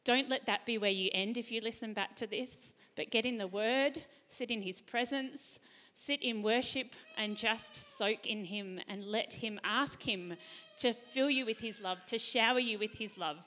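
A middle-aged woman hosts a faith talk panel in a chatty way and laughs easily. Her voice sits a little high and sounds very bright. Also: moderate pace, slight background noise. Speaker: host.

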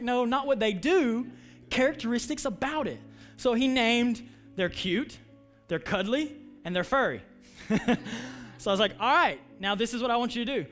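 A man's voice: high voice, a bit bright. A middle-aged male pastor preaching, moving from prayer into a conversational story told with frequent restarts. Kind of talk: sermon.

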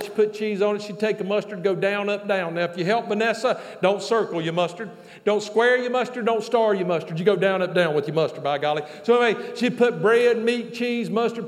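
Man, pastor, folksy sermon storytelling, high voice, reverberant hall. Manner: folksy, animated storyteller with loud shouted exclamations.

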